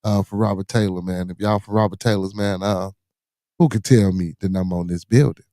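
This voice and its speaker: A man's voice: low voice, steady tone, fairly quick, dark tone, no echo, studio quality. A middle-aged man from Chicago with a Chicago accent, hosting a solo live-stream podcast in laid-back street slang, repeating his phrases and greeting viewers in the chat. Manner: laid-back street slang, repeats phrases, constant "you know what I'm saying". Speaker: podcast host.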